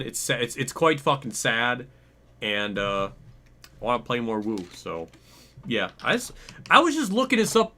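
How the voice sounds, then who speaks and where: Bright-voiced young man ranting. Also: medium pitch. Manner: exasperated, ranting, swears, laughs it off. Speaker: gaming channel host. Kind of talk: casual gameplay commentary rant.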